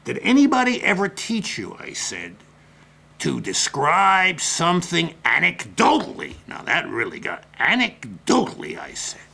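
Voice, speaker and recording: A man playing a boastful older salesman in a comic monologue, ranting in a bombastic, folksy way that swings from mutters to shouts. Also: on the high side, huge pitch swings, a little slow, gravelly, husky, exaggerated voice. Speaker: comedic character monologue.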